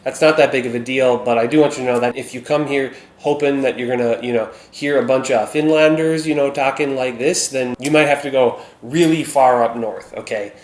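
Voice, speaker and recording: A man's voice: mid-range voice, a little fast, hardly any pauses. A man from Minnesota with a Minnesotan accent, chatting casually to camera as a vlogger, self-deprecating and peppering his talk with "okay?" asides. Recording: echoey room with faint ambient noise.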